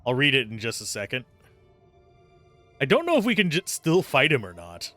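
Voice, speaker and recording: Bright-voiced man streaming a game. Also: medium pitch, wildly swooping pitch, moderate pace, soft background music. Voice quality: chatty, wry, self-amused. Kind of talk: casual gameplay commentary.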